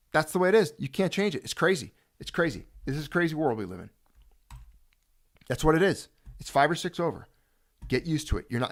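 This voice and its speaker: A man hosting a casual video chat, talking straight to viewers in a jokey, animated way. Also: on the high side. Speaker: host.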